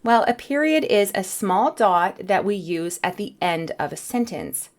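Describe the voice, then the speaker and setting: A woman teaching a beginner English lesson, speaking in a clear, careful way. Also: medium pitch, animated, unhurried.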